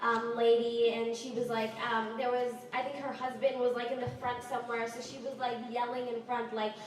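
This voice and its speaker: A woman's voice: fairly high pitch, level tone, normal speed, crowd noise. A teenage girl telling a rambling stand-up story at an open mic, full of likes and ums. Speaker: stand-up performer. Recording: echoey room from far off.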